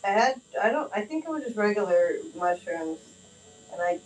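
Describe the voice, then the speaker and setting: A woman chatting casually, spinning animated, rambling stories packed with "like" and quick asides. She sits a little away from the microphone, so her voice comes across slightly distant. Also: mid-range voice, a little hiss or hum. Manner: animated storyteller, lots of "like" and laughing asides. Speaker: client chatting during tattoo. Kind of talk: casual chat, storytelling.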